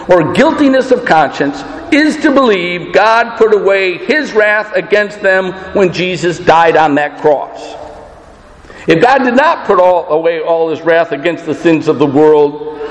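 A man's voice: high-pitched, reverberant, big-room sound, rough recording. A man preaching a sermon as pastor, earnest and emphatic, posing rhetorical questions.

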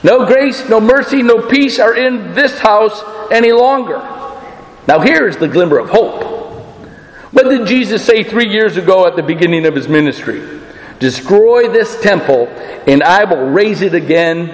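A man preaching a sermon as pastor, emphatic and deliberate, with rhetorical questions. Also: high voice. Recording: echoey room with long reverb.

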